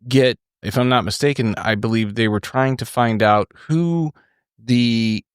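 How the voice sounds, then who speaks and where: A man's voice: medium pitch, measured pace, clean tone, dry recording, studio quality. A man hosting a podcast, talking politics in a rambling, profane way with frequent restarts. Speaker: podcast host. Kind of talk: casual political chat.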